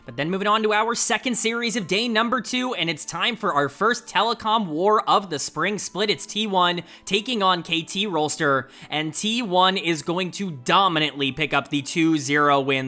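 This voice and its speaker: A man's voice: fairly high pitch, pushed and bright. A young man giving a solo esports analysis in an emphatic, opinionated way. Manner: emphatic and opinionated, rapid-fire delivery.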